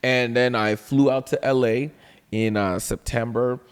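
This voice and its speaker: A man from Canada, a comedian guest telling an animated anecdote, acting out the voices of others and often laughing. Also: medium pitch, a little slow, clean tone, in a large hall. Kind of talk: storytelling anecdote.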